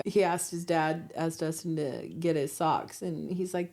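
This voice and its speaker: Animated woman in her forties telling stories. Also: lowish voice, measured pace, hardly any pauses. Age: 40s. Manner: animated storyteller, acts out quotes, laughs often. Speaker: podcast co-host. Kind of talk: casual chat.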